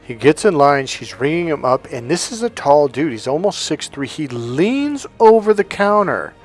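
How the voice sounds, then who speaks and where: A man's voice: a little high, big pitch swings, moderate pace. Emphatic male dating coach, faint music. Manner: emphatic, storytelling, acts out quotes. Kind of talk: coaching monologue with anecdotes.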